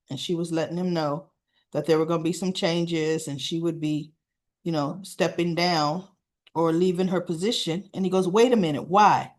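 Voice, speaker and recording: A woman casually recapping a soap opera episode, chatty, retelling scenes with quoted lines and asking "right?" as she goes. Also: fairly low pitch.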